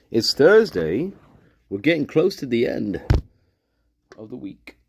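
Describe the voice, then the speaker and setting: Giggly, animated man hosting a stream. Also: medium pitch, slow, long pauses, slight background noise. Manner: giggly and joking, laughs between lines; drops into breathy whispers at times. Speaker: livestream host. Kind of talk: casual livestream chat.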